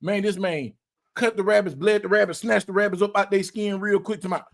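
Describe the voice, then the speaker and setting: Animated man telling a story. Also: high voice, fairly quick, gravelly. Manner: animated storyteller, repeats words, cusses, acts out quotes. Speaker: podcast host. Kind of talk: casual storytelling chat.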